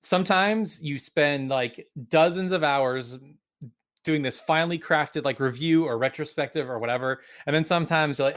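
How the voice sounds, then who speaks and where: Young male game reviewer, relaxed podcast banter, mid-range voice. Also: mid-range voice, moderate pace. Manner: relaxed, laughs often, many filler "like"s. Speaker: game reviewer and video creator. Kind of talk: casual podcast chat.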